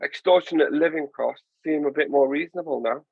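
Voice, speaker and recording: Animated, jokey Northern English man. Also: a little high, brisk, vocal fry, slightly rough, dry recording, phone-quality sound. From England. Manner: animated, jokey, puts on voices. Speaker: podcast host. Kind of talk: casual chat.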